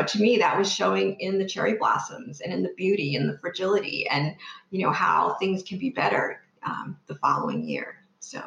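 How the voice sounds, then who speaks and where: Earnest woman with a gravelly voice. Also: medium pitch, fairly bright tone, roomy sound, dull audio. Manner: earnest, reflective. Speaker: author and guest. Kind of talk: interview and reading aloud.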